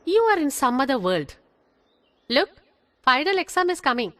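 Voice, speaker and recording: A woman's voice: sits high, big pitch swings, moderate pace, bright, forceful tone, a little hiss or hum, full character voice. An actress playing a strict female schoolteacher who lectures and scolds a student in dubbed film dialogue. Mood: stern. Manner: stern, lecturing. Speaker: teacher.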